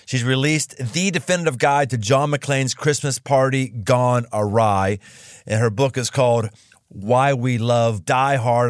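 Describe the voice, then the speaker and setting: A man's voice: mid-range voice, clean tone, no echo, clean studio sound. An American man hosting a podcast interview, exuberant and jokey, with a lot of emphasis. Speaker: podcast host. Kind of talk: casual interview.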